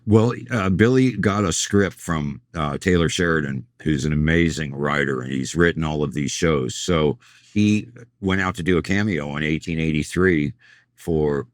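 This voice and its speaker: A man's voice: rumbling low, moderate pace, no echo, clean studio sound. A middle-aged man, a tour manager, telling rambling anecdotes in a casual interview and acting out what others said. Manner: rambling anecdotal storyteller, acts out quoted lines.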